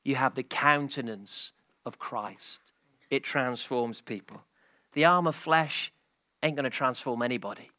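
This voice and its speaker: A man's voice: medium pitch, pushed and bright, no room sound. A male pastor preaching a sermon, telling a story and building to a passionate climax.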